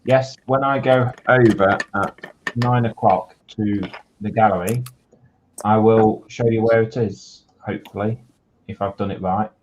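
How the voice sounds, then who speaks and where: A man's voice: lowish voice, fairly even intonation, unhurried, a little hiss or hum. A man with a Yorkshire accent co-hosting a livestream, chatting casually and reading out viewer comments. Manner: banters and reads out viewer comments. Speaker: livestream co-host reading chat. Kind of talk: casual chat.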